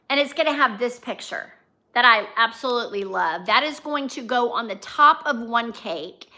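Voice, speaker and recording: A high-pitched woman with a bright, ringing tone chats casually on a livestream. She reads her viewers' comments aloud and answers them one by one, greeting people by name. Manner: chatty, talks straight to her viewers by name. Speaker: vlogger and livestream host.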